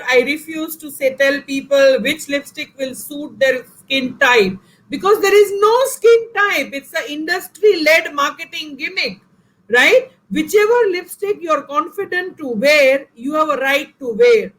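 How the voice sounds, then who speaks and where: Indian lady professor, high voice, earnest and emphatic, talking right to the audience. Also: a little slow, a bit bright, rough recording. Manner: emphatic, earnest, addresses listeners directly. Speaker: guest speaker, professor. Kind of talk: online talk session answering questions.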